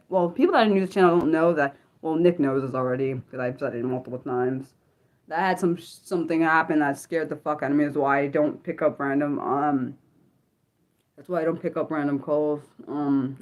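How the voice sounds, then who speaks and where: A woman's voice: low voice, fairly even intonation, a little fast, darkish tone. A woman hosting an unscripted livestream, rambling casually with many fillers and restarts as she answers her chat. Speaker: livestream host.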